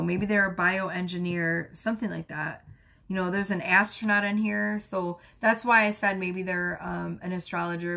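A woman giving a casual tarot reading, rambling with many fillers and asides, her voice going hoarse. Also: on the low side, sharp tone. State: losing her voice. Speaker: tarot reader.

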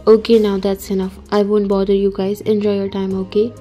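A woman's voice: mid-range voice, monotone, fairly quick, mellow, faint music behind, lightly acted. A woman reading the part of a playful, mischievous male friend and co-worker in a read-aloud story. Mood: teasing. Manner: joking, mischievous. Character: teasing playful male best friend and employee.

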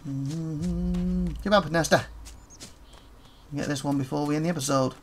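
A let's play gamer giving casual gameplay commentary, chatting to the game's characters and breaking into quick excited outbursts. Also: medium pitch, slight background noise.

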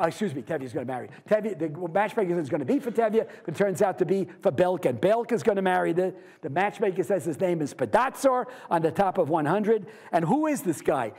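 A man with a high voice teaches a university literature class. He speaks in a lively way and keeps putting rhetorical questions to his students. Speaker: literature lecturer. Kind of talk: university lecture.

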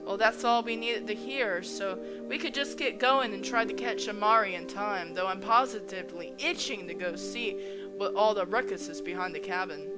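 A woman's voice: medium pitch, moderate pace. A woman playing a visual novel, reading its narration aloud and reacting with stunned exclamations. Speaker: let's play gamer. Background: game music.

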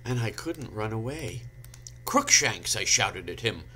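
A man giving a comic dramatic reading, slow and deadpan, dropping in dry asides, over a home video call mic. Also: on the low side, husky. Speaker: guest reader.

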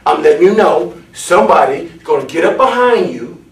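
A man teaching a class in an emphatic preaching style, building at times to near shouting. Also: on the high side, expressive, moderate pace, creaky. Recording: echoey classroom from far off.

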